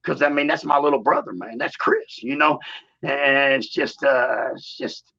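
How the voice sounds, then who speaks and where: A man, telling stories in a shoot interview in a drawling, animated way and saying "man" often. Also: measured pace, creaky. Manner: animated storyteller, acts out quotes in a higher voice. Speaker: interview guest, former wrestler. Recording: dull lo-fi sound.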